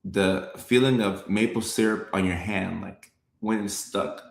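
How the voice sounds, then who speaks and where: A young man chats casually on a live stream, answering comments in a relaxed, repetitive way and chuckling often. His voice sits on the low side with a gravelly fry, and the room gives it a noticeable echo. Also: unhurried. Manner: laid-back, repeats lines, chuckles often. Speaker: comedian hosting a live stream.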